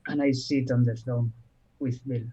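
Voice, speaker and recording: A man playing a tabletop game who speaks in a low-key, quiet way. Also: steady tone, normal speed, breathy edge. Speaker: player. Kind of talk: casual tabletop game talk. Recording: dull lo-fi mic.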